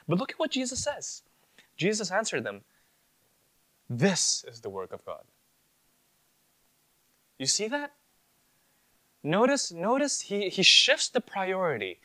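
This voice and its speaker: A man's voice: fairly high pitch, bright, forceful tone, no room sound. A man preaching an expository sermon, emphatic, often repeating phrases and asking rhetorical questions.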